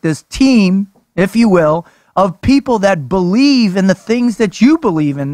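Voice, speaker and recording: A man hosting a podcast, talking with excitable energy, swearing and calling his guests brother and dude. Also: sits high, no echo, clean studio sound. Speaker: podcast host. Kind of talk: energetic casual chat.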